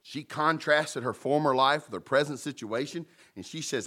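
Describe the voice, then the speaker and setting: Preacher guy, jokey, voice leaps way up then drops low. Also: moderate pace. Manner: animated, humorous storytelling with sudden pitch jumps. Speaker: pastor. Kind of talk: sermon.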